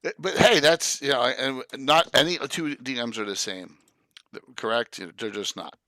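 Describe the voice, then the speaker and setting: A man's voice: medium pitch, lively intonation, normal speed, bright, forceful tone, no echo. A man hosting a casual chat, emphatic as he relays viewer questions and talks about his long campaigns.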